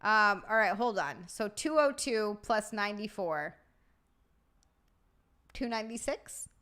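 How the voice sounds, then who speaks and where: A woman hosting a casual comedy livestream, excitable and swearing as she reads super chats aloud and laughs a lot. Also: mid-range voice, a little slow, long pauses, clean tone. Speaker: streamer and podcast host.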